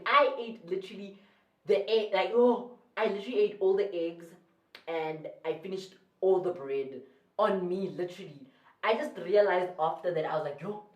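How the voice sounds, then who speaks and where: A South African woman telling a casual storytime, rambling and excitable, often correcting herself mid-sentence. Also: mid-range voice, recorded from a distance, highs cut off. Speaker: YouTuber. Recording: echoey room, voice away from the mic.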